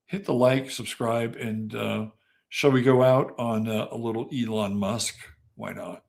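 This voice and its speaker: Gravelly dude hosting a podcast, loose rambly talk, curses a lot. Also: male voice, medium pitch, steady tone, unhurried, darkish tone. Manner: casual, rambling, swears freely. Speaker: podcast host. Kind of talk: casual commentary.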